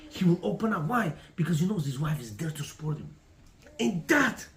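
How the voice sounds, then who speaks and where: A man teaching a class on marriage, preachy and emphatic, in broken English with lots of repetition. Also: very high voice. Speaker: religious teacher. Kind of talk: Torah class talk on marriage.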